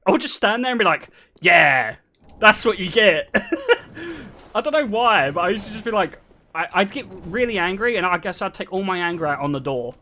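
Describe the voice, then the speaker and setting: A young man streaming and chatting casually, telling stories in an animated way with frequent laughter. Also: high voice, brisk. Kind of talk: casual chat.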